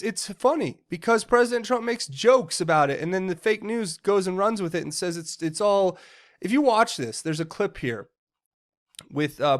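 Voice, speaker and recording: Guy ranting about politics, kinda high voice, angry, keeps tripping over his words. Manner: heated, indignant, stumbles and repeats words. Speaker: political commentator.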